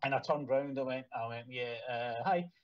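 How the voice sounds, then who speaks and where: A man's voice: mid-range voice, moderate pace, no room sound, dull audio. A Scottish man, a band manager, telling rambling stories in a casual podcast chat, full of fillers and restarts. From Scotland. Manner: rambling storyteller with many fillers.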